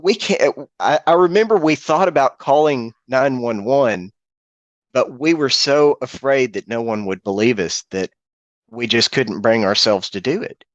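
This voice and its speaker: A middle-aged man tells his story in an earnest, halting way, stopping short and repeating phrases as he goes. His voice sits at an ordinary male pitch. The sound is dry and close, with no room echo, as if over a video call. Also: lo-fi sound. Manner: earnest, halting, with frequent restarts and repetitions. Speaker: guest witness. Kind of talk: personal account in a video-call interview.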